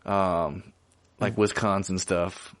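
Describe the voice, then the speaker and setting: A man's voice: low voice, steady tone, slow pace. A man co-hosting a podcast in laid-back, easygoing casual chat, dropping "dude" often. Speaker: podcast co-host.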